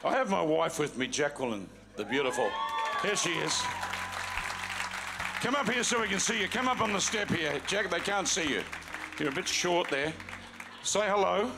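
Australian man, jovial, teasing, high-pitched, loud crowd and room noise. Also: sing-song, moderate pace, creaky, pauses often. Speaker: guest pastor. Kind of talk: sermon opening with banter. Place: large church auditorium with congregation. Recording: live church recording with crowd noise. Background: congregation noise.

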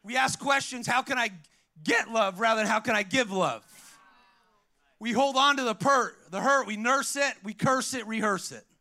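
High, bright-voiced preaching man. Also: moderate pace. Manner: preaching with call-outs to the congregation, storytelling. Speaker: pastor. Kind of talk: energetic sermon.

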